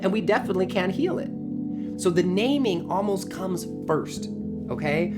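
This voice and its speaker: A man leading a live online workshop, talking casually and acting out everyday small talk as he teaches. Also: sits high. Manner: animated, acts out quoted small talk; casual, addresses listeners as y'all. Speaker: workshop leader. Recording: loud guitar music behind the voice. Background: live guitar music.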